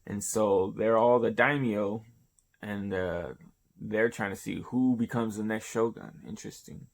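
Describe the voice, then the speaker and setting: A man's voice: fairly low pitch, steady tone, measured pace. A man hosting a casual comic chapter review, rambling through the panels with profanity and loose play-by-play. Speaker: host of a manga review show.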